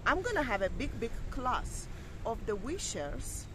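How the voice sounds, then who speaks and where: High-voiced Greek-speaking woman, searching for words. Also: very animated, unhurried. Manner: non-native, searching for English words. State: getting over flu. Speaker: vlog co-host. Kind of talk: casual chat. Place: outdoors by a seaside resort. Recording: outdoor vlog with clear background noise.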